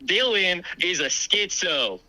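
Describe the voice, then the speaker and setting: A man's voice: high-pitched, big pitch swings, slow pace, noisy background. A man calling in to a comedy podcast to insult the hosts, in aggressive, taunting, profane trash-talk. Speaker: caller insulting the show.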